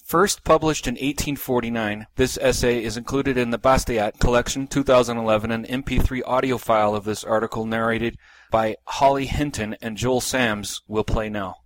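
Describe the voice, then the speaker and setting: A man hosting a podcast, reading a prepared introduction in a steady, plain manner. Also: mid-range voice, normal speed, a little hiss or hum, low-quality recording. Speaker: podcast host. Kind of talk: scripted introduction.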